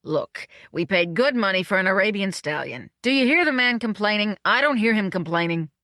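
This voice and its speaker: A reader voicing a loud, irritable male film director who shouts orders. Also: mid-range voice, lively intonation, brisk, dry recording, studio quality. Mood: impatient. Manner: shouting orders through a megaphone, profane.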